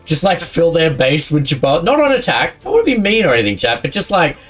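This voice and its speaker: A man's voice: on the high side, huge pitch swings, a little fast, slightly rough, far from the mic, soft background music. Chatty man streaming, a bit off-mic. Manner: chatty, rambling, laughs often, talks to chat. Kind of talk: casual live-stream chat while gaming.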